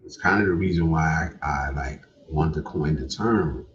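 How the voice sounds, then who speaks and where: A man's voice: rumbling low, moderate pace, a little hiss or hum. A man hosting a casual livestream, laid-back, repeating his points and often ending with "man". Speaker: livestream host. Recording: distant, dull lo-fi sound.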